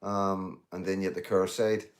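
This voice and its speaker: A man's voice: low voice, little pitch movement, moderate pace. A middle-aged man, rambling and swearing through a casual livestream chat with viewers. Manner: rambling, swears freely, addresses viewers as mate and guys. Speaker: livestream host.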